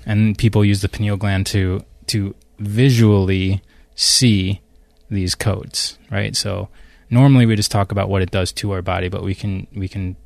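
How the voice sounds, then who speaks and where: A man on a podcast, explaining ideas thoughtfully and speculatively, with hesitant pauses. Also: fairly low pitch, flat delivery, gravelly, dry recording. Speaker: podcast guest. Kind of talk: casual conversation.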